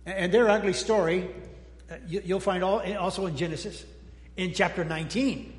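High-voiced pastor preaching in an echoing hall. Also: male voice, moderate pace. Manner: folksy and joking, with frequent restarts and sudden quiet drops. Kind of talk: conversational sermon. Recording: echoey hall with long reverb.

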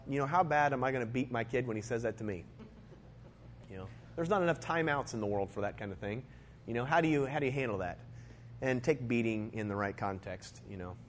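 A man preaching a sermon in a conversational way, moving between emphatic points and quieter asides. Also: mid-range voice, slight background noise.

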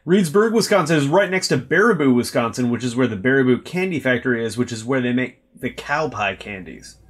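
A man's voice: mid-range voice, lively intonation, brisk. A man co-hosting a casual comedy podcast, recapping in a dry, matter-of-fact way. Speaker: podcast co-host.

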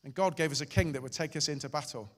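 A male pastor preaching a sermon, swinging between loud and hushed delivery. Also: a little high, quick pace. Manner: dramatic, shifting loud and soft. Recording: hall reverb.

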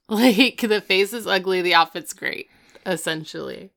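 A woman casually recapping a show, retelling scenes with quick quoted lines. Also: fairly low pitch, fairly bright tone, clear, resonant tone. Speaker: podcast co-host recapping a show. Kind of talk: casual chat.

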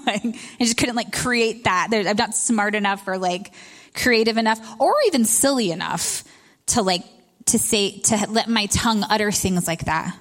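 A woman's voice: medium pitch, measured pace. A woman in her thirties, a retreat speaker, giving a candid, conversational sermon and laughing at herself along the way.

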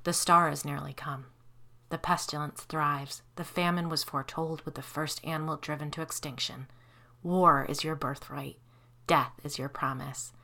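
A woman's voice: deep voice, steady tone, bright, forceful tone. A woman voicing a possessed woman who turns cold, bitter and ominous. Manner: bitter, then slow doom-laden pronouncements.

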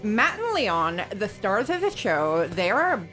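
A woman's voice: mid-range voice, very animated, takes it slowly, over music. Gushing, theatrical woman. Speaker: podcast co-host. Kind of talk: casual chat.

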